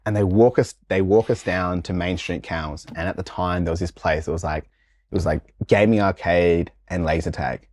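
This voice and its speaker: A man tells stories in a casual interview, slangy and lively, jumping into other people's voices as he goes. His voice sits low. The sound is close and dry. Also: moderate pace, no echo. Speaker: guest.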